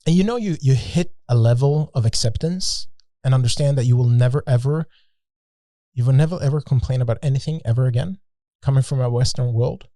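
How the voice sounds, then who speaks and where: A man's voice: mid-range voice, brisk, warm tone, dry recording, studio quality. A man, a podcast guest, telling a travel story in a casual, joking way with many restarts.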